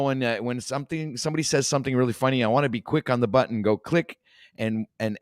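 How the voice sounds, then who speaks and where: A man's voice: lowish voice, dry recording, clean studio sound. A man with a Canadian accent hosting a casual livestream talk show, rambling with many fillers and restarts.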